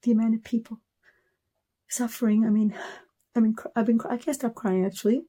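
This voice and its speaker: A woman's voice: fairly high pitch, fairly even intonation, brisk, warm tone. A woman in her thirties giving an emotional personal testimony in a video message, talking with passion and stacking repeated words into rising lists.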